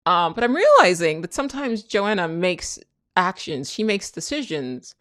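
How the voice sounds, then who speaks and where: A woman's voice: lowish voice, big pitch swings, normal speed, fairly bright tone, no room sound, clean studio sound. A woman hosting a podcast, talking through spiritual self-help ideas in a candid, reflective way, swearing freely and laughing at herself. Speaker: podcast host.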